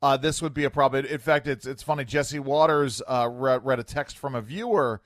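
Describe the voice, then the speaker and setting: A man's voice: mid-range voice, brisk, no room sound, clean studio sound. A man hosting a talk radio show, giving wry commentary with lots of fillers. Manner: wry, animated, filler-heavy. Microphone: studio microphone.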